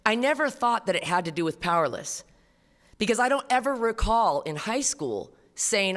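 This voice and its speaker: A woman's voice: mid-range voice, big pitch swings, moderate pace. A woman giving a personal testimony at a recovery meeting, talking bluntly and profanely in a casual storytelling way. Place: meeting hall before an audience. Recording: reverberant live hall.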